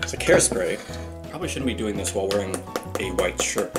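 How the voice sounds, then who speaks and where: A man's voice: lowish voice, expressive, fairly quick. A young man casually narrating his day for a vlog, baking at home and joking at his own expense. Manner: self-mocking, joking asides to the viewers. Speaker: vlogger. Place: home kitchen. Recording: music playing behind the voice.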